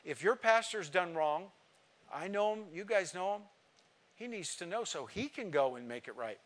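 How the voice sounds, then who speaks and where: Man preaching, bit high voice, tells his story then gets loud and pushy about it. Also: lively intonation, normal speed. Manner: storytelling, emotional, rising to emphatic exhortation. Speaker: visiting pastor. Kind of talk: sermon.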